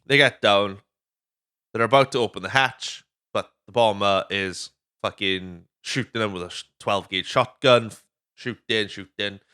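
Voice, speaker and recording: A Welsh man hosts a casual movie podcast, his voice sitting a little low but with a bright, forceful edge. He rambles through the plot in loose chat, swearing freely and wandering off on tangents. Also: measured pace, clean tone. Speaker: podcast host.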